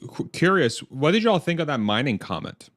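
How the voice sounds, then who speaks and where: A man's voice: on the high side, sing-song, normal speed, a bit bright, no echo, clean studio sound. A man on a casual panel, joking and asking the group questions.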